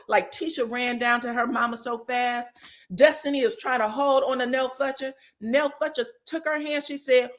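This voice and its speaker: A woman hosts a casual reality TV recap in a fairly high voice. She is animated and profane, and she acts out the quotes with loud outbursts and bursts of laughter. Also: normal speed.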